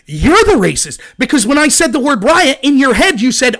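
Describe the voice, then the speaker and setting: A man hosting a live-streamed political commentary show, talking in an animated, indignant rant. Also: very high voice, normal speed, hardly any pauses.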